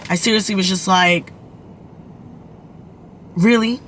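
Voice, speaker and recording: Young woman vlogging on her phone, bright tense voice, chatty, cusses a lot. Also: medium pitch, fairly quick, a little hiss or hum. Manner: chatty, blunt, swears freely. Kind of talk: casual vlog talk to camera.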